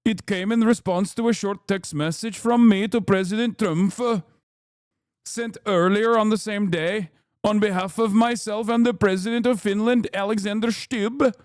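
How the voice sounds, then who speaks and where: A formal statesman reads an official statement in a thick Norwegian accent, as a man puts it on. The delivery is stiff and measured, in a bright, high voice. The sound is clear and dry. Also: fairly even intonation, no echo, lightly acted. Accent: put-on Norwegian accent. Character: mock Norwegian prime minister reading a statement.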